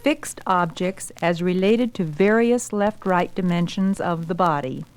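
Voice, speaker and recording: Slow, calm woman narrating a lesson. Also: on the low side, a little hiss or hum, poor audio. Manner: calm, deliberate, giving step-by-step instructions. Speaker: narrator of an educational film. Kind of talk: scripted instructional narration.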